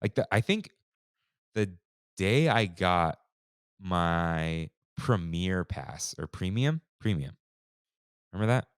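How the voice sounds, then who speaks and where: A man in his thirties co-hosting a podcast in a relaxed, slangy chat style, saying "dude" and "like" often. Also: sits low, slow, long pauses, clean tone, dry recording, studio quality. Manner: laid-back, slangy, says "dude" and "like" often. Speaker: podcast co-host. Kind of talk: casual chat.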